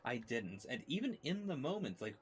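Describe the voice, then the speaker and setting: A man's voice: medium pitch, sing-song, moderate pace, a little hiss or hum. Easygoing man co-hosting a chat. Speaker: co-host. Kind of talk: casual reaction chat.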